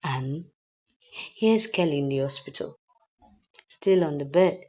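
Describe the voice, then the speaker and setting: A woman's voice: low-pitched, unhurried, muffled recording. A woman recapping a drama series in a chatty, casual way, slipping in pidgin asides. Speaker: series reviewer.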